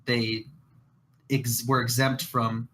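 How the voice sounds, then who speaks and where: A man playing in a tabletop game, thinking aloud in a quick, hesitant way. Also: medium pitch, little pitch movement, fairly bright tone, a little hiss or hum. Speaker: player. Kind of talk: casual tabletop game play.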